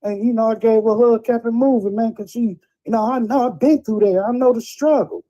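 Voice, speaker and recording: A man's voice: very high-pitched, a little fast, mellow, poor audio. A middle-aged man, talking casually on a talk show, telling blunt, preachy stories about tough parenting. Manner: streetwise storytelling, blunt and preachy.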